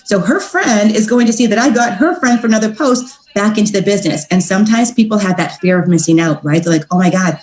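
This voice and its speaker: An upbeat, chatty woman talks through her sales approach like a relaxed coaching session. She slips into a brighter, higher voice when she acts out the messages she sends. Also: reverberant, poor audio. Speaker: direct sales team trainer. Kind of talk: casual training talk.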